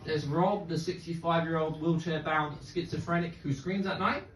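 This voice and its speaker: Deadpan young comedian on stage. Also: male voice, fairly high pitch, normal speed. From England. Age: young adult. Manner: deadpan, dark one-liners. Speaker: stand-up comedian. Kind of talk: stand-up set. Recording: roomy, distant, noisy club recording. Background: audience laughter.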